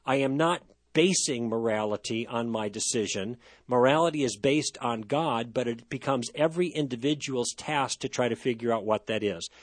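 A man's voice: medium pitch, normal speed, no room sound. A man hosting a call-in radio talk show, explaining ideas thoughtfully with frequent restarts.

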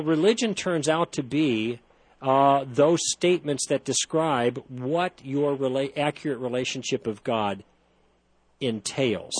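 A male radio host who talks through his reasoning at length, stopping and restarting as he builds his point. His voice has a husky edge, and the sound is dry and close. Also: medium pitch, no room sound. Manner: thoughtful, explanatory, with frequent restarts. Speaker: radio talk show host. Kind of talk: call-in radio talk.

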